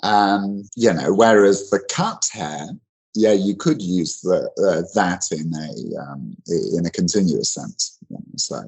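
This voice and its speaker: Husky low-voiced man teaching grammar. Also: expressive, a little slow, darkish tone, poor audio. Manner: conversational, many fillers and restarts. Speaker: English teacher. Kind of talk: explaining grammar in an online lesson.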